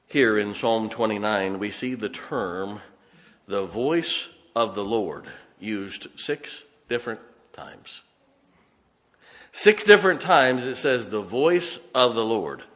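Folksy preacher with a bright voice. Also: male voice, fairly low pitch. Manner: folksy storytelling, self-correcting. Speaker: pastor. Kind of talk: sermon. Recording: long hall reverb.

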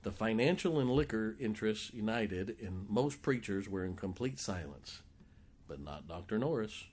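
A male pastor preaching a sermon, telling stories in an animated, jokey way and acting out the quotes. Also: lowish voice, normal speed, slightly rough. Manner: animated, jokey storyteller who acts out quotes. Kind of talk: sermon storytelling.

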